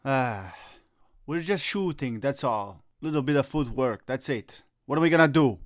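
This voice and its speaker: A man's voice: medium pitch, animated, moderate pace, no room sound. Brief: middle-aged male coach, brooding and theatrical, dry close sound. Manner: gloomy, melodramatic rants that flare into agitated Italian cursing. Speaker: youth soccer coach. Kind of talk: comedic sketch dialogue.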